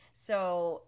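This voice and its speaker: With a lowish, smooth voice and a darkish tone, this woman runs a casual reality-show recap podcast. She chats and rambles, laughs a lot, and imitates the people she talks about.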